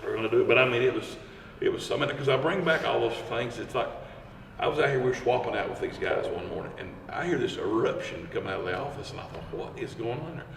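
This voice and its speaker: A firefighter, telling stories in a casual chat and acting out the quotes with lively energy. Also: male voice, mid-range voice, quick pace, creaky. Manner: animated, acts out quotes. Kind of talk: casual storytelling. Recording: roomy, distant mic with background hum.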